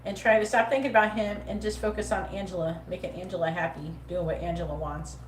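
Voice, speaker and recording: A woman's voice: fairly low pitch, steady tone, fast talker, a little hiss or hum. Blunt, profane psychic woman in an echoey room. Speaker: psychic livestream host. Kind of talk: live tarot reading chat. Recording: echoey room, mic at a distance.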